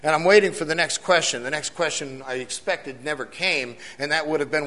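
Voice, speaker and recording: A man's voice: a little high, fairly quick, pushed and bright. A man serving as a jail chaplain, giving an earnest testimony to a church committee and repeating key phrases for emphasis.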